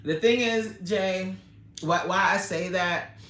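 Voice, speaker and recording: A woman's voice: medium pitch, takes it slowly, a bit bright. Emphatic woman coach on a livestream. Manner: emphatic and candid, with frequent laughs. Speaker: fitness coach hosting a livestream. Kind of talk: casual live chat, answering viewer comments. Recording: echoey room with faint ambience.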